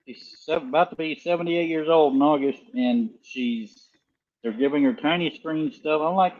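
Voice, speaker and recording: A man's voice: a little high, normal speed, lo-fi sound. A middle-aged man co-hosting a live stream, chatting in a goofy, joking, rambling way. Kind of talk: casual live-stream chat.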